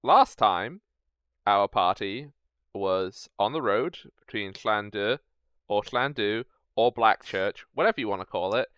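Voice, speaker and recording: A man's voice: fairly low pitch, expressive, unhurried, fairly bright tone, clear, resonant tone, no room sound. A man hosting a streamed tabletop game as game master, chatty and joking. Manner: chatty, joking, self-correcting.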